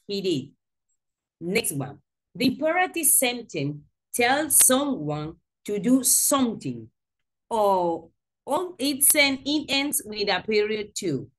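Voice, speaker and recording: A lively woman whose first language is Spanish teaches an online English grammar lesson over a video call. Her voice is a little high, and she explains slowly and patiently with lively emphasis.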